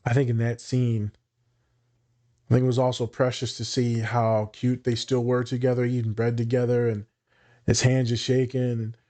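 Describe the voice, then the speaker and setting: A man's voice: mid-range voice, little pitch movement, normal speed, warm tone. A man, a therapist and teacher, chatting casually and bluntly, swearing freely and using dry humor. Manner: candid, profane, dry humor. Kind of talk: casual podcast chat.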